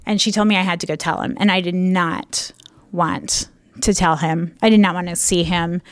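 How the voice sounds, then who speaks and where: A woman's voice: on the low side, steady tone, normal speed, dry recording. A young adult woman telling a personal story to an audience, candid, with frequent laughs and fillers. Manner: candid, laughs often, many fillers and restarts. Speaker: speaker sharing a personal testimony. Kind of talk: personal storytelling talk with slides.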